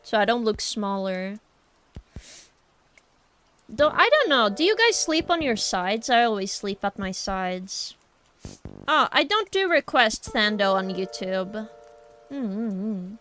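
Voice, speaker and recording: A woman's voice: medium pitch, sing-song, slow, pauses often, fairly bright tone. A young woman with a Norwegian accent, chatting casually with her stream chat while drawing, rambling and addressing viewers directly.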